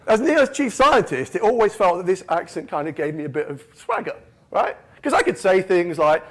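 High, lively British man giving a keynote. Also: normal speed, slightly rough. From United Kingdom. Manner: jokey, self-mocking, chatty with fillers like "right?". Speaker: conference keynote speaker. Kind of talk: comedic conference keynote.

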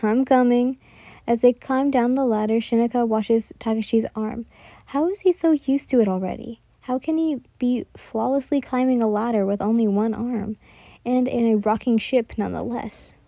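A woman narrating a fan fiction story in a soft, even storybook reading. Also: a little high, normal speed, vocal fry, no echo.

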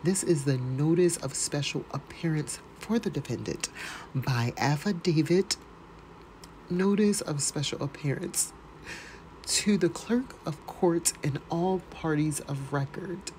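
Woman, low mellow voice, chatty read-aloud, quick side comments. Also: a little hiss or hum, rough recording. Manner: chatty, reads slowly then adds quick asides. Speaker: vlogger reading court documents.

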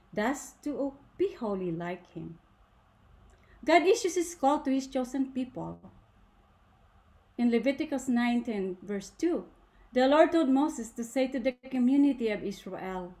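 A woman giving a faith talk to a women's gathering in a deliberate, emphatic way, asking rhetorical questions. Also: fairly high pitch, warm tone. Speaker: speaker at a women's ministry gathering.

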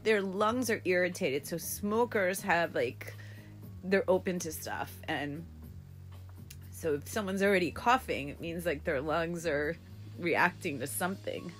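Young woman rambling on a home livestream, super chatty and expressive, faint music behind her. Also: on the low side, a little slow. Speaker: livestream host. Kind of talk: casual livestream chat with viewers. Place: at home, indoors.

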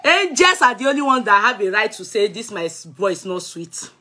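Her mid-range voice swings widely in pitch, with a sharp tone and a moderate pace. This middle-aged Nigerian vlogger keeps the casual chat playful, laughing a lot, singing bits of songs, and slipping into Yoruba and Pidgin.

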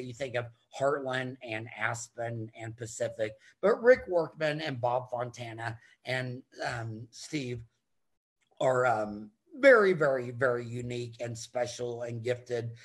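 A middle-aged American dentist giving an animated, emphatic talk, telling stories with sudden swings in loudness. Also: male voice, mid-range voice. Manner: emphatic, storytelling, quick shifts in loudness. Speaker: dentist and podcast host.

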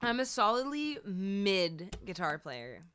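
A woman's voice: mid-range voice, very animated, slow pace, background noise. A woman musician livestreaming, chatting casually and bubbly with her viewers, a little tired and her voice not at full strength. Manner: bubbly, laughing, talking to chat.

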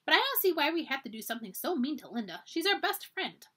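A woman's voice: big pitch swings, fast, exaggerated voice. A woman voicing a stubborn, cheerful young girl at summer camp in a lightly raised girlish voice, reading a children's storybook aloud. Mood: earnest. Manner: higher, brighter girlish voice.

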